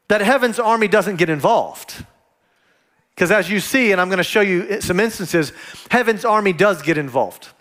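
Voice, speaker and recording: A man preaching a sermon as pastor, acting out quoted dialogue with lively delivery. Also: high-pitched.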